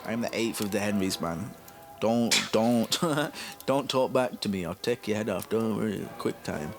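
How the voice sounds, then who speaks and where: A blustering tyrant king , played by a man, threatens in a casual voice close to his own. Music plays clearly behind. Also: on the low side, moderate pace, natural voice. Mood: bossy. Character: bossy tyrant king, male, middle-aged.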